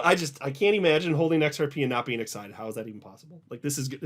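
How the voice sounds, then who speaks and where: A man hosting an online video, talking excitedly and emphatically, often repeating words for stress. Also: mid-range voice, brisk. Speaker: crypto video host. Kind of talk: casual commentary to camera.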